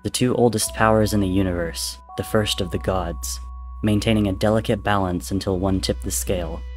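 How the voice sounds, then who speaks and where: A man giving a dramatic reading of a story, narrating in a steady, grave storytelling manner. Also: on the low side, brisk, soft background music. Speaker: reader. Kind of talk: dramatic reading of fan fiction.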